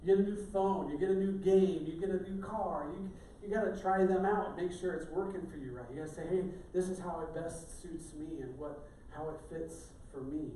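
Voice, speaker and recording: With a fairly high but dark voice, a middle-aged pastor talks a bit fast with hardly any pauses, keeping his sermon casual and full of jokes. The distant mic in the echoey sanctuary catches a little hiss or hum.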